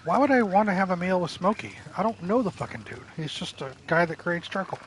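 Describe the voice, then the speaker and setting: A man's voice: high-pitched, sing-song, fast talker, few pauses, noisy background. A man streaming a game, chatting bluntly and casually between dialogue, with game nature sounds behind him.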